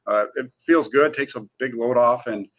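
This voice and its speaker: A man's voice: mid-range voice, normal speed. A man co-hosting a sports talk show, talking eagerly with lots of fillers. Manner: eager and energetic, frequent fillers. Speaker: sports reporter co-host.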